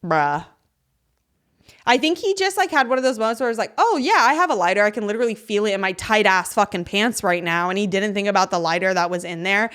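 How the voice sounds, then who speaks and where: A woman's voice: mid-range voice, brisk, fairly bright tone, smooth. A woman in her twenties co-hosting a podcast, telling long, profane, laugh-filled stories in casual chat. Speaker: podcast co-host.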